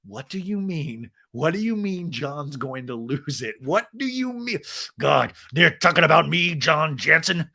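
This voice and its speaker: A man's voice: on the high side, big pitch swings, unhurried, vocal fry, bright, forceful tone, heavily acted. A man voicing an intense, reclusive middle-aged man with a brooding, menacing manner.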